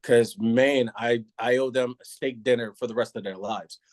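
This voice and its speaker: A man's voice: medium pitch, moderate pace, dry recording. A middle-aged man, a retired police officer from New York City, telling a candid story with frequent laughs and acted-out lines. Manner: animated, laughs often, acts out others' lines.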